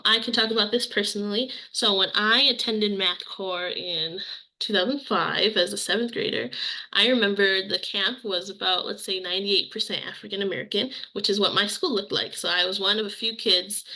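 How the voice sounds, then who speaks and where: A young woman walks an online audience through her program's principles. Her voice is bright and forward, and she talks earnestly and personally, often circling back to the same phrases for emphasis. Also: medium pitch, fairly even intonation, moderate pace, poor audio. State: briefly emotional. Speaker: program presenter. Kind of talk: webinar presentation.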